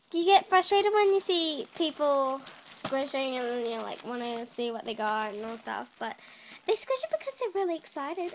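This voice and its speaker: Teen girl unboxing stuff, super giddy, high voice, keeps squealing n laughing. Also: animated, normal speed, background noise. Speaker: vlogger. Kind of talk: unboxing video. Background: plastic crinkling.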